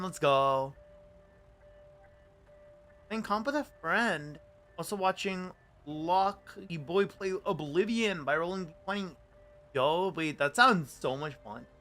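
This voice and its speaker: A man's voice: on the high side, bright, forceful tone. A man streaming live, chatting with viewers in a rambling, playful way. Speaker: VTuber streamer. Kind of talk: casual livestream chat.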